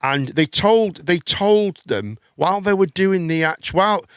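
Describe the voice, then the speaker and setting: A man's voice: high-pitched, animated, a little slow, fairly bright tone, clear, resonant tone, dry recording, studio quality. A middle-aged man hosting a live chat show, rambling with stammering restarts and casual swearing.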